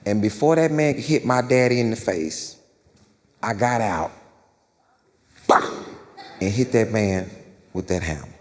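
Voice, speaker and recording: A man's voice: a little slow, pauses often. A man doing stand-up, telling long stories with lots of repetition on a theater stage. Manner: animated storyteller, repeats lines, jumps into loud high-pitched quoted voices. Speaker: stand-up comedian. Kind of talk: stand-up storytelling. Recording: live theater with long reverb and faint crowd ambience.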